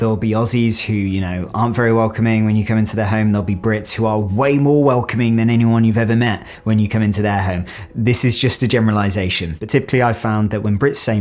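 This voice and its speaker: A young man from the UK with a British accent talks straight to camera in a relaxed vlog. His voice sits low and his delivery is animated and chatty, with lots of casual fillers. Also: fast talker. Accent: British English. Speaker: vlogger.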